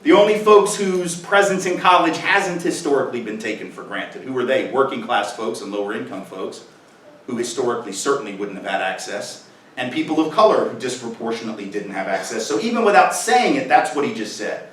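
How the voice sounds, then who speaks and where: A man's voice: mid-range voice, lively intonation, brisk, fairly bright tone. A man giving a public lecture at a college, speaking in a punchy, rhetorical way and often asking the audience "right?". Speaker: guest speaker. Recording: echoey hall, mic at a distance.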